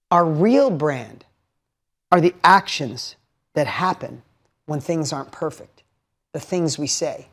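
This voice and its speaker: A middle-aged man giving a motivational talk to a live audience, emphatic, repeating key lines and putting questions to the listeners. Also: fairly high pitch. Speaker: motivational speaker.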